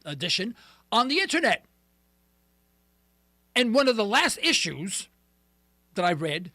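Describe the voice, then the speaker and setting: A man's voice: very high-pitched, bright, forceful tone, no echo, studio quality. A man hosting a call-in talk radio show, ranting and joking with sound effects.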